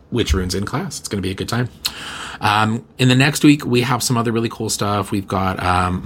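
Low-voiced rambling male podcast host. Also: a bit bright, breathy edge. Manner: rambling, filler-heavy, self-mocking. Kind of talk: casual chat with announcements.

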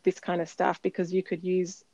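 Her delivery is completely flat, with a fairly low, mellow voice at a moderate pace. She co-hosts a podcast and tells a personal story in an earnest, reflective way, full of ums, in casual storytelling chat. The recording is dry and slightly dull.

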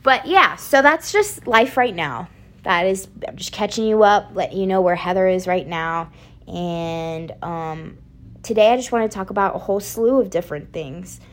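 A woman's voice: medium pitch, moderate pace. A young woman hosting a casual solo podcast, chatty and rambling, laughing often, with a slight picked-up Southern twang. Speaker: podcast host.

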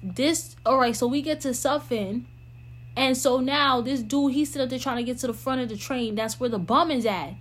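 A woman's voice: high-pitched, normal speed, husky. A woman telling funny stories in casual, slangy chat, laughing often.

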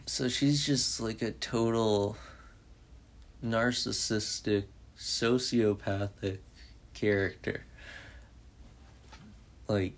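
A man with a lowish voice recaps a film in a loose, rambling way. He speaks slowly and leans on "like" constantly, with frequent restarts. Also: steady tone. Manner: rambling, heavy use of "like". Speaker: movie reviewer. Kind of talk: casual rambling movie recap.

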